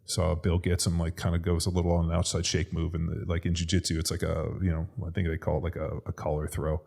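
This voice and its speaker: A man with a very low voice tells a story in casual podcast chat. He swears constantly and talks in an animated way. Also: fast talker, gravelly. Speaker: podcast co-host, former NFL lineman.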